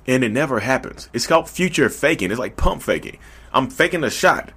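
A man's voice: mid-range voice, brisk, breathy edge. Male podcast host, Southern drawl, casual and repetitive delivery. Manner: animated, repetitive, talks to listeners directly. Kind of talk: casual monologue.

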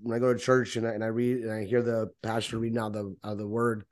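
A man in a casual faith discussion, talking haltingly with many restarts and repeated words. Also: lowish voice, flat delivery, a little mellow. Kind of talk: casual chat.

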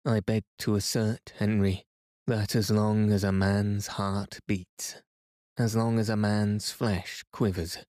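A stern old professor who will not give up hope, read by a man in his own voice. He speaks in a firm, measured, lecturing way, low-pitched and dark in tone. The sound is dry and close. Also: no echo.

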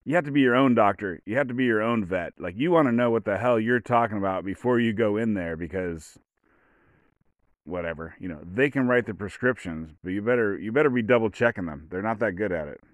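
Rambling, low-voiced man in his forties. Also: a little fast, no room sound. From Oregon, USA. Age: 40s. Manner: meandering, profane, with frequent fillers and restarts. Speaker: podcast host. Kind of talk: rambling casual monologue.

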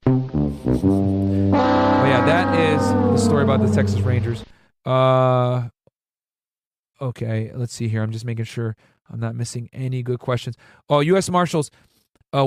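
A man's voice: fairly high pitch, no room sound, studio quality. A man in his thirties from Connecticut, a former federal agent telling stories to viewers in a loose, rambling, slangy way. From Connecticut, US Northeast. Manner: slangy and profane, peppered with "bro" and "right?"; rambling, with frequent restarts. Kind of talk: casual storytelling to viewers.

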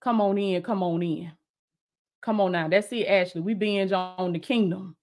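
A woman's voice: fairly low pitch, steady tone, normal speed, a little mellow. A woman coach and preacher on a live stream, greeting viewers and preaching, exuberant and repetitive. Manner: exuberant, repeats lines, calls viewers "baby".

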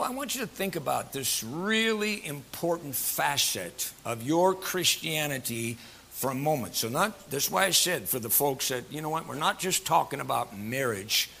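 A man pastor preaching a sermon in a folksy, joking way with many fillers, going from quiet asides to loud emphatic passages. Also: on the high side, vocal fry, slight background noise.

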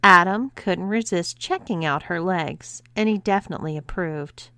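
A woman narrating an adult audiobook in a slow, measured reading. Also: on the low side, bright, forceful tone, no room sound.

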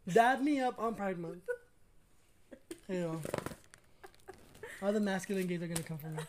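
A young woman co-hosting a podcast in casual chat, slangy and quick to laugh. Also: mid-range voice, lively intonation, background noise. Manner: chatty, laughs often, slangy. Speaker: podcast co-host.

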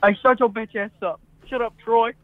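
A man calls into a comedy call-in show over a dull, muffled phone line. His voice sits high, and he teases and giggles while throwing crude jabs back at the hosts. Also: fairly even intonation, normal speed. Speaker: caller. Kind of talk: prank phone call banter.

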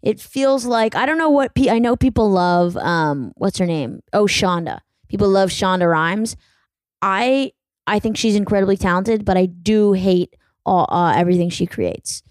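A woman's voice: medium pitch, normal speed, a little mellow, no room sound. A young woman hosting a podcast, chatting casually in a rambling, self-deprecating way full of fillers. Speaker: podcast host. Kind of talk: casual solo chat.

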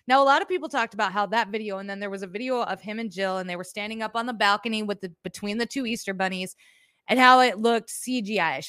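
A woman hosts a podcast, talking bluntly and sarcastically, and she swears freely. Her voice sits at a middle pitch for a woman. The recording is dry and close, with no room sound. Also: fairly bright tone, no room sound. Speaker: podcast host. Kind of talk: casual political commentary.

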